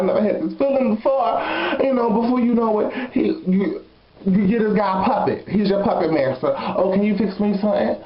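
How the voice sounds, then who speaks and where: A man's voice: sits high, lightly acted. A man voicing a sassy, blunt young woman who frankly tells a comic dating confession and laughs between lines. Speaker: storyteller. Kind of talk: comedic confession monologue. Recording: roomy, slightly dull recording.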